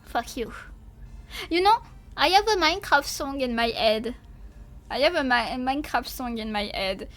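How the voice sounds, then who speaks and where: High-voiced playful woman streamer. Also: expressive, normal speed, fairly bright tone. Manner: playful, silly, swears often, talks to chat. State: sleepy, yawning. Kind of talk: casual livestream chat.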